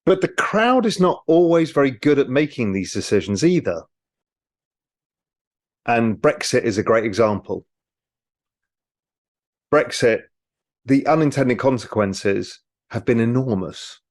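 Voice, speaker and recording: A man, a guest in an interview, explaining with lively storytelling. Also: mid-range voice, measured pace, long pauses. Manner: animated storyteller, mimics people in quotes. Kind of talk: casual interview talk.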